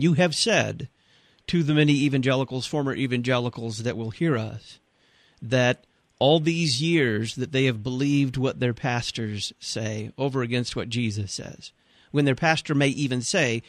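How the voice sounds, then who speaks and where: A man's voice: mid-range voice, normal speed. A male radio host with a mid-range voice keeps pressing his guest on what he has just claimed. The sound is close and dry, with no room echo. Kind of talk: radio interview.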